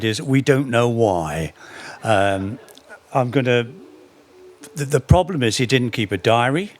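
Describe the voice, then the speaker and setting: Middle-aged guy giving a talk, pitch jumps around a lot, dry jokes, keeps correcting himself. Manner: lively storyteller with dry humour and self-corrections. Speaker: speaker giving a public talk. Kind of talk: anecdotal lecture on local folk history.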